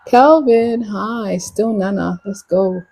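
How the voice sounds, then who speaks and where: A young adult woman hosting a casual live stream, relaxed and hesitant with frequent ums. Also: medium pitch, slow pace, gravelly, poor audio. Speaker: live-stream host chatting with viewers.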